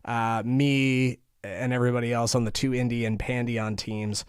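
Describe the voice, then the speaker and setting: A man's voice: mid-range voice, level tone, normal speed, smooth, dry recording. Male host, casual and chatty, audibly tired; dry, close recording. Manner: chatty, greets viewers by name. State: tired, low energy. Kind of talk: casual livestream chat.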